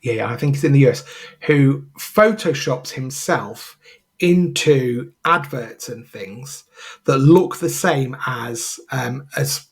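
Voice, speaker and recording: A podcast co-host with a medium-pitched, slightly rough voice takes it slowly. He chats casually and rambles, with lots of fillers and restarts.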